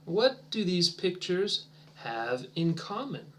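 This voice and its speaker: A man teaching an English lesson as a demonstration for teachers, encouraging and drawn-out, dropping to soft near-whispers while he waits for answers. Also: on the high side, lively intonation, a little hiss or hum.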